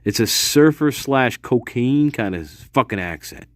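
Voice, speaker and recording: A man's voice: mid-range voice, lively intonation, measured pace. A man hosting a live video, rambling in a loose monologue, swearing freely and chuckling as he trails off and restarts. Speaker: live stream host.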